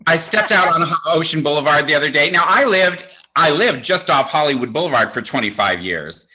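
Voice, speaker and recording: A man's voice: fairly high pitch, animated, a little fast, bright, forceful tone. A man in his sixties doing a stand-up comedy set, with a campy, conversational, self-mocking delivery. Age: 60s. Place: home, virtual show.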